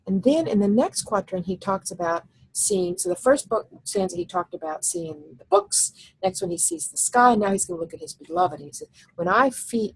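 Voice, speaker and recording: A woman teacher giving a recorded slide lecture, explaining step by step and thinking aloud, slowing down when she reads lines of verse. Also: mid-range voice, sing-song, gravelly, slightly rough, poor audio.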